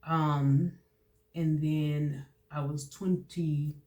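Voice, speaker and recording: A young adult woman hosting her own show, telling her personal story in a halting, emotional way with many fillers and restarts. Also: sits low, fairly even intonation, dark tone. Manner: emotional, voice dropping at times. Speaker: host sharing personal testimony. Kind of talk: personal testimony monologue.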